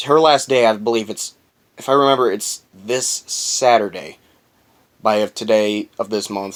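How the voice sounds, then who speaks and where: A vlogger with a medium-pitched, slightly bright voice rambles through a casual storytime vlog. He retells a work story bluntly, swearing now and then, repeating himself and talking in run-on quotes.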